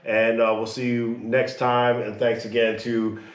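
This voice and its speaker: A man hosts a podcast in loose, casual talk. His voice sits at an ordinary pitch, and he swears easily. There is a roomy echo around him. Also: unhurried. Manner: relaxed, profane. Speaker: podcast host. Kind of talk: casual chat. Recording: echoey room.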